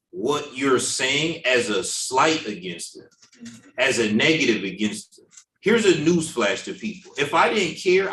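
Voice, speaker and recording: A man teaching an informal Bible study class in a lively way, acting out what other people say in put-on voices. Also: high voice. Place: church classroom. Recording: echoey room, mic at a distance.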